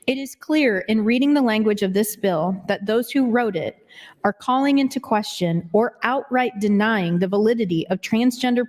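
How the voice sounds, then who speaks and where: A woman state senator reading written testimony into the record in a measured, formal way. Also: medium pitch, a little mellow. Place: legislative chamber. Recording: hall reverb.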